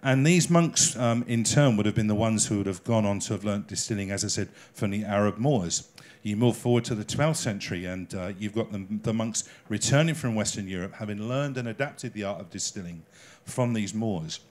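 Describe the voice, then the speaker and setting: A man with an English accent delivers a relaxed lecture to a live audience, pointing at his slides as he goes. His voice sits slightly on the low side. He keeps it conversational, with little jokes and frequent checks with the room. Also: a little fast. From England. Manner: chatty, jokey, asks the audience questions. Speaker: cruise ship enrichment lecturer.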